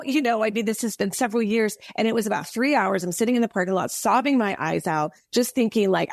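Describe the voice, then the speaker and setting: A woman guest on a podcast, telling an earnest, animated faith story with many restarts. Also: medium pitch, fast talker, gravelly, hardly any pauses, no echo, clean studio sound. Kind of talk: faith testimony in casual interview.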